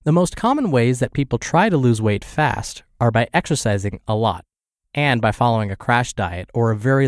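A man with a medium-pitched voice reads a health article in a steady, scripted delivery. He sounds a bit stuffed up from a cold. The recording is dry and close, with no room sound. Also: no echo. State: stuffed up from the flu. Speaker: podcast host reading health articles. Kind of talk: scripted reading of a health blog.

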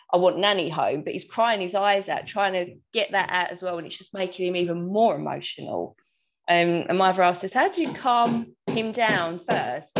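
A young woman, a new mother, chatting casually on a discussion panel and acting out little dialogues as she tells stories. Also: lowish voice. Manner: chatty, anecdotal, acts out dialogue. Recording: slightly dull lo-fi sound.

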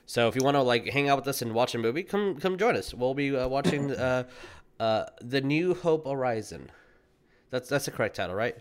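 A man with a mid-pitched voice chatting on a game stream. He rambles through announcements, cracks jokes and swears offhandedly. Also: animated, fairly quick, clear, resonant tone. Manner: rambling, joking, swears casually. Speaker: player and co-host. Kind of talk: casual stream chat.

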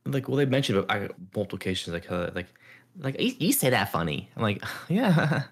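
A young man co-hosting a podcast, chatting casually, rambling with lots of filler words and slipping into animated impressions. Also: on the low side, fast talker, vocal fry. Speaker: podcast co-host. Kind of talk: casual chat.

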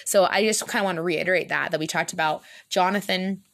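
A woman's voice: on the low side, quick pace, gravelly. Chatty young woman giving a faith talk. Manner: chatty, animated, says "like" a lot, acts out quotes. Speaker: podcast co-host.

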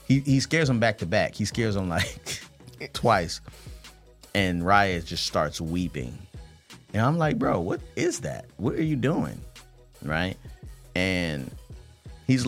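Deep-voiced man telling a family story. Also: slow, pauses often, soft background music. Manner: animated storyteller, loose slangy delivery. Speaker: podcast co-host. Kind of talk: casual chat.

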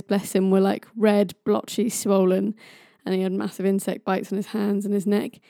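Chatty woman telling a myth, warm voice. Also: medium pitch, dry recording, clean studio sound. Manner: chatty, playful, stumbles over hard names. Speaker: storyteller. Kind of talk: casual myth storytelling.

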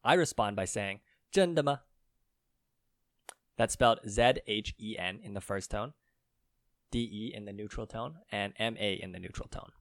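A man co-hosting a Mandarin lesson, slowly explaining words and spelling out their tones. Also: on the low side, fairly bright tone, no echo. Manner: slow, careful spelling out of tones. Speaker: co-host teaching Mandarin.

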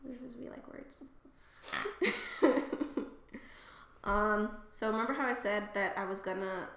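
A woman co-hosting a podcast in casual chat, excitable and sweary, loudly acting out quotes. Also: medium pitch, takes it slowly, reverberant. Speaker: podcast co-host. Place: home room.

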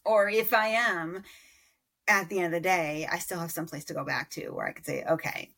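Low, gravelly-voiced mother talking candidly. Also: steady tone, normal speed, fairly bright tone. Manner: candid and reflective, with frequent fillers and restarts. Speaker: podcast guest. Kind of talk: conversational interview.

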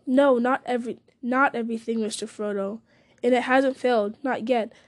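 A woman's voice: fairly high pitch, steady tone, normal speed, lightly acted. A woman reading the part of a loyal, earnest male hobbit servant who talks plainly and deferentially. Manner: plain-spoken, homely, deferential.

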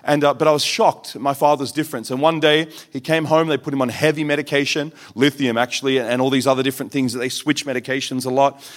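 Male preacher, mid-pitched, earnest testimony-style delivery with acted quotes. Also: fairly even intonation, fast talker, few pauses. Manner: earnest storytelling with quoted voices. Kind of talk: sermon testimony.

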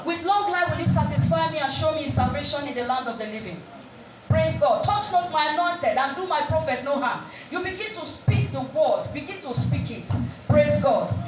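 Woman preaching, high voice, lots of question and answer, roomy echo with faint music behind. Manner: call-and-response questions, repeated "praise God". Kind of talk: sermon. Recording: echoey room, distant mic, faint music.

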